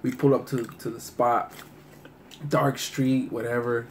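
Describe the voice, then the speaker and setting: A man's voice: medium pitch, little pitch movement, a little slow, slight background noise. A man telling a rambling, profane story in street slang, acting out his friends' voices. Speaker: storyteller in a mukbang video. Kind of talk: casual storytelling.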